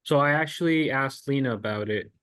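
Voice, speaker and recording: A man's voice: mid-range voice, brisk, fairly bright tone, dry recording. A man in an online class, explaining something he tried, with a slightly hesitant delivery. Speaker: class member. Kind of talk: casual question in an online class.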